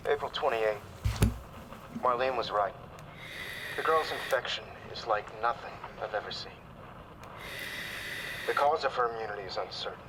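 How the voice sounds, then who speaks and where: A man's voice: mid-range voice, moderate pace, pauses often, noisy background, natural voice. A man voicing a weary male doctor dictating clinical notes in a recorded game log.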